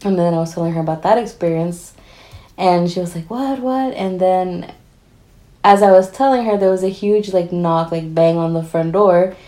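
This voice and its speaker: A young woman casually telling a spooky story, animated and full of fillers. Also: lowish voice, moderate pace, low-quality recording.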